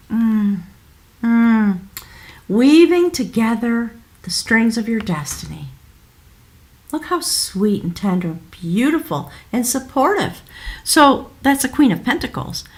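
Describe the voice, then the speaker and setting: A middle-aged woman giving a spiritual tarot reading, effusive and wandering, sometimes dropping into a soft whisper. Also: a little high. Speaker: tarot reader.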